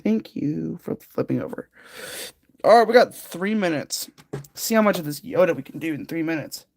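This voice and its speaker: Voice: medium pitch, animated, moderate pace, gravelly, a little mellow, dry recording, clean studio sound. A livestream host chatting casually with viewers while doing a jigsaw puzzle, rambling and giggling.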